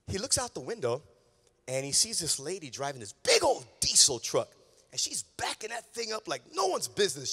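A man preaching a sermon as pastor in a church, telling a story with swings from hushed tones to shouting. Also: high-pitched, big pitch swings, a little fast, slightly rough. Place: church sanctuary. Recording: long reverb of a large hall.

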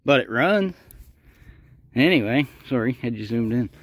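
A man's voice: medium pitch, animated, unhurried. A man vlogging casually outdoors while hunting scrap, folksy and joking with his viewers, a bit out of breath. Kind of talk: casual vlog chat. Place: outdoors, backyard and curbside. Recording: noisy outdoor phone audio.

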